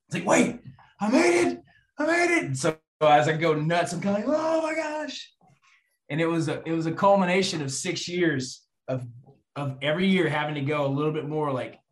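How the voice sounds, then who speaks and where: A man telling a personal faith story to an audience, animated and acting out the voices of people in it. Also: medium pitch. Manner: animated, acts out quoted voices. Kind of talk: storytelling testimony. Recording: roomy echo.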